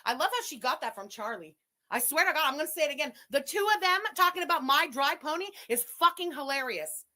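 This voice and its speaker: A woman's voice: high-pitched, animated, fast, sharp tone. A woman ranting on a livestream in a furious, insulting, profane way. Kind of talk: livestream rant.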